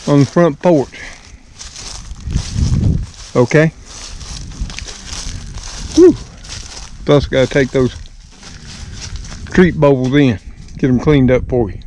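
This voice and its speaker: An older man from the US Deep South with an Alabama accent, vlogging in a slow, folksy, homespun manner as he walks outdoors through the woods. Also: mellow, a little hiss or hum. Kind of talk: casual walking vlog. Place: outdoors in woods and on a front porch.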